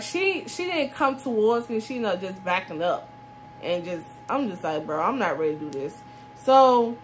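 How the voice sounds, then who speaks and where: A woman's voice: mid-range voice, a little hiss or hum. A woman in her twenties telling a casual storytime vlog, acting out the quoted dialogue of everyone involved. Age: 20s. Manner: animated retelling that acts out quoted dialogue, with laughs.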